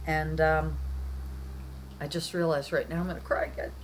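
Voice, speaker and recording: Woman, artist vlogger at home. Casual, rambling chat, slightly low pitch. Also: flat delivery, moderate pace, a little hiss or hum. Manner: chatty and rambling, often addressing viewers as "you guys".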